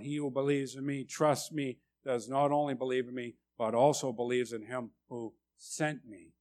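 A man preaching a sermon, emphatic and deliberate, often asking "right?" to check in with his listeners. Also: mid-range voice. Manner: slow, deliberate delivery with rising, urgent stresses.

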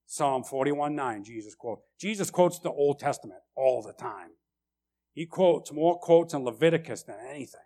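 A man preaching a sermon with passion, swelling loud on key phrases and repeating lines for emphasis. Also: medium pitch, lively intonation, moderate pace.

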